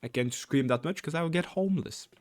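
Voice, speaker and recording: Speaking quickly in a slightly high voice, this let's-player reads a gamebook aloud as he plays it. He rambles between passages, filling gaps with verbal fillers and the odd blurted curse.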